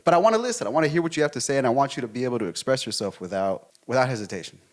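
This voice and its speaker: A man co-hosting a relationship podcast, debating his partner in a fast, emphatic way and swearing freely. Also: medium pitch, expressive. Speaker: podcast co-host.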